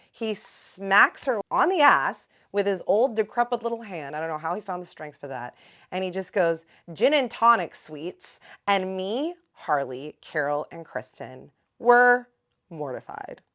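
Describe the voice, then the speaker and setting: A woman telling a story in a chatty, animated way, talking straight to her viewers. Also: lowish voice, moderate pace. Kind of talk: casual storytime vlog.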